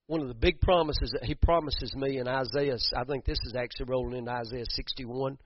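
A man's voice: mid-range voice, steady tone, brisk, no room sound. A man preaching a sermon, building to emphatic bursts and repeating words as he goes. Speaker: pastor. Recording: dull muffled sound, dry.

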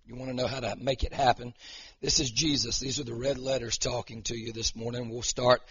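Male pastor, mid-pitched husky voice, passionate preaching and prayer, dull recording. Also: flat delivery, brisk, a bit bright. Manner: emotional, fervent preaching that swells into declarations. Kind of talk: sermon.

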